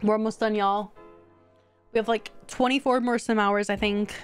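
A young woman streaming a life-sim game, chatting casually to her viewers and getting excitable. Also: medium pitch, moderate pace, smooth, soft background music. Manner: chatty, excitable, talks to chat. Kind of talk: casual gameplay commentary.

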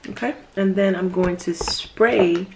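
A woman's voice: medium pitch, steady tone, a little slow, background noise. A woman talking casually through a makeup tutorial in a chatty vlog, sometimes dropping to a whisper. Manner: chatty, drops to whispers at times. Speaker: beauty vlogger.

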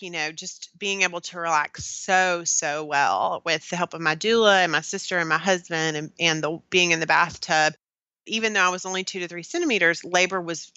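A young woman tells her birth story in an earnest, chatty way, full of "like" and restarts. Her voice is bright and clear, sitting slightly low. The close mic sounds dry, with no room around it. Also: dry recording. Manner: earnest, frequent "like" and "kinda", restarts mid-sentence. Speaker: podcast guest telling her birth story. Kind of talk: casual personal storytelling.

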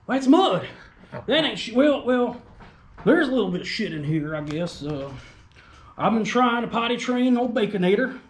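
A man with a high, bouncy voice tells a rambling, crude and folksy comic story as he shows off his RC truck. His voice rings in a roomy, echoey space, and his pitch swings up and down as he talks. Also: sing-song, moderate pace. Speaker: RC hobby video host. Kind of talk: comedic rural character monologue.

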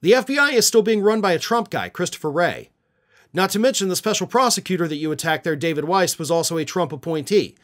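A man's voice: sits high, expressive, fast talker, a bit bright. A man delivering a political commentary monologue in an indignant, sarcastic and scornful tone.

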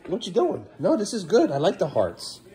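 A man's voice: high voice, huge pitch swings, normal speed, warm tone. A man in his thirties, a father filming a casual family vlog at home, teasing and coaxing his young kids. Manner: playful teasing dad, coaxing and praising kids.

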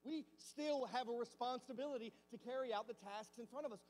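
High-voiced preacher in a reverberant church. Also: male voice, fairly quick, a little mellow. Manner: conversational preaching with rhetorical questions. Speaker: pastor. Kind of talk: sermon. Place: church sanctuary.

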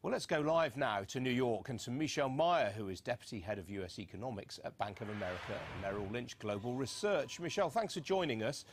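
A man's voice: medium pitch, lively intonation, quick pace, few pauses, slight background noise. A male news anchor doing a live interview, who gets flustered and apologises on air.

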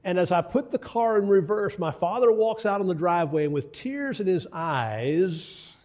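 A man's voice: high voice, animated, moderate pace, darkish tone. An older man preaching a sermon, telling folksy stories with asides to the congregation. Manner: folksy storytelling with asides to the audience.

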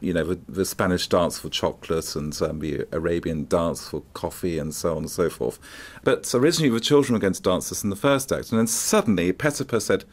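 A man's voice: deep voice, brisk. A man speaking as a music expert guest in a radio interview, telling stories with frequent ums and hesitations. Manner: hesitant, many ums, animated storytelling.

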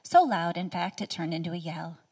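A woman in her thirties giving a prepared personal speech as a featured speaker at a live event, earnest and heartfelt, sometimes dropping to a soft near-whisper. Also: on the low side, a little fast, slightly rough, far from the mic. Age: 30s. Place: event stage.

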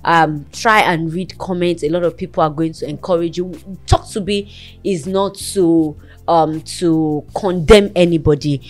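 A woman's voice: on the low side, a little slow, faint music behind. A woman hosting a talk show, earnestly counselling and encouraging a guest in a motherly, preaching way.

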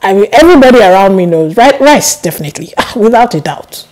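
A young woman vlogger chatting casually to camera, telling stories with animated laughs. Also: mid-range voice, fast, faint music behind, rough recording. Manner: animated storytelling, laughs often.

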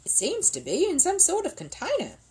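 A woman's voice: on the high side, wildly swooping pitch, moderate pace, husky, voice pushed up, heavily acted. A woman voicing a cheerful, chatty tradesman with a hearty, folksy manner. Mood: puzzled. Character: cheerful working man, a sweep, confident and chatty.

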